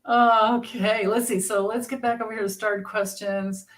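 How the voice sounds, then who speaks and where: A woman's voice: medium pitch, steady tone, moderate pace. A middle-aged woman hosting a casual tarot livestream, chatting and greeting viewers by name with frequent laughter.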